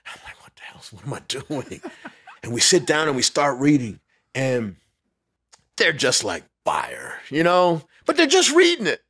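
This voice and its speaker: A man telling a lively story as a podcast guest, laughing often and acting out what others said. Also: mid-range voice, measured pace, husky. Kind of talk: storytelling interview.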